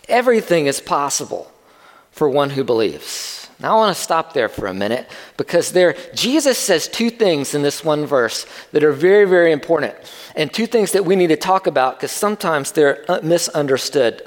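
A pastor preaches to his congregation in a casual, conversational way, often stopping to ask them questions. His voice sits high for a man. It rings out with the long reverb of a large hall. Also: sing-song, moderate pace. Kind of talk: sermon.

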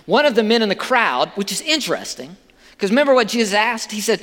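A man's voice: high-pitched, big pitch swings, fast, fairly bright tone, long reverb tail. A male pastor preaching a sermon in a conversational way, asking his listeners rhetorical questions.

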